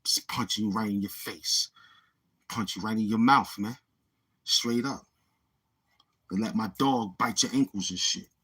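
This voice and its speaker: A man's voice: lowish voice, measured pace, long pauses, fairly bright tone, slightly rough. A man with a New York accent hosting a livestream, boasting and taunting his chat in street slang. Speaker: livestream host. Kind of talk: live-stream trash talk.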